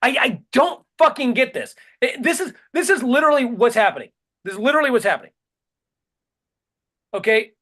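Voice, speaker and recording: Man co-host, bright voice, sarcastic profane rant. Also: very high-pitched, expressive, fairly quick, pauses often. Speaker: podcast co-host. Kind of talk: casual comedic chat.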